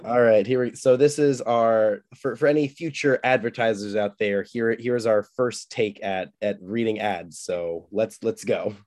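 A man's voice: on the low side, unhurried, few pauses, darkish tone. A man co-hosting a podcast in casual chat, wry and teasing, with some casual swearing. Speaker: podcast co-host.

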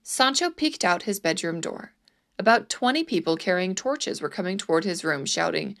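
A woman narrating a storybook chapter in a measured, expressive reading. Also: fairly low pitch, creaky.

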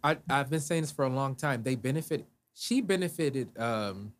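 A man from the Midwest co-hosting a podcast, chatting in a relaxed, storytelling way. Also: mid-range voice, normal speed. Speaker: podcast co-host. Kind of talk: casual chat.

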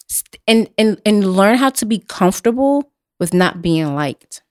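A young adult woman speaks as a podcast host in an unscripted, blunt way, hammering home her points with repetition and casual profanity. Her voice sits at an ordinary middle pitch, and her delivery stays conversational. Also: expressive, unhurried, darkish tone. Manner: blunt, emphatic, profane, repeats herself. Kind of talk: casual chat.

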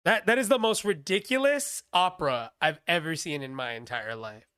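Lively, laughing podcast guy, dry sound. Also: on the high side, normal speed, clear, resonant tone, no echo. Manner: rambling, profane, laughs often. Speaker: podcast co-host. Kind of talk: casual chat.

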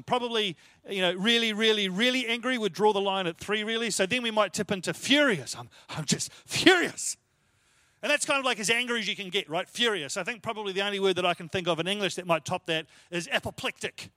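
High-voiced pastor preaching in a dry room. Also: male voice, fast, pushed and bright, dry recording. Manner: expository, conversational, emphatic with repetition. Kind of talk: sermon. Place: church.

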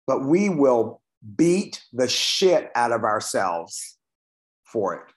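A man's voice: medium pitch, very animated, slow. Candid older man sharing in a meeting. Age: 60s. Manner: candid, profane, self-deprecating. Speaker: recovery meeting member sharing. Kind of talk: reading aloud and personal sharing.

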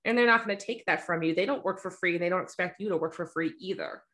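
A woman's voice: on the low side, fast, a bit bright. Blunt, laughing woman photographer talking shop. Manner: blunt, self-described smart aleck, acts out quoted friends with laughter. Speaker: photographer and podcast host. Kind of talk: casual podcast chat.

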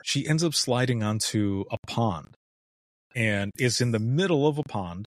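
At a measured pace, a middle-aged man from Southwest Michigan who used to work as a 911 dispatcher recounts stories during a casual chat, with a mid-range voice. He's animated, mimics the voices of the people he describes and laughs often. The recording is dry and clean, studio-grade.

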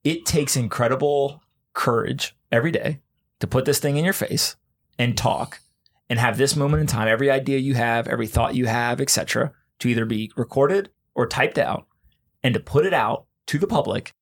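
A man hosting a podcast speaks in an emphatic, conversational way. He runs ideas together in quick bursts, restarts mid-phrase and keeps checking in with his guest. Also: medium pitch. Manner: fast bursts of talk with restarts. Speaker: podcast host. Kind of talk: casual conversation.

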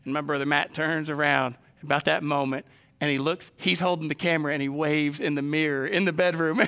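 A man's voice: fairly high pitch, steady tone, fairly quick, pushed and bright, clean tone. A man preaching a sermon, telling stories and addressing the congregation directly. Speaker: pastor.

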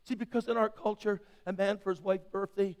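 A pastor in his sixties preaching an impassioned sermon, swinging from loud to hushed. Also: sits high, fairly even intonation, a little fast. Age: 60s. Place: church sanctuary. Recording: long hall reverb.

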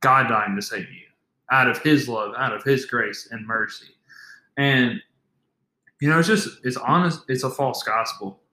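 A man's voice: mid-range voice, a little slow, bright, forceful tone. A young man co-hosting a faith podcast, speaking earnestly and emphatically. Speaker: podcast co-host. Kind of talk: casual faith podcast talk. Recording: echoey room.

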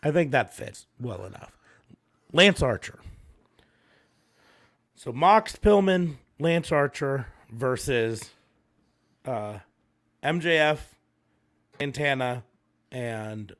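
Slow, rambling man chatting. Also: mid-range voice, expressive, fairly bright tone. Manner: slow, rambling, many pauses and fillers. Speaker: podcast co-host. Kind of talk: casual chat.

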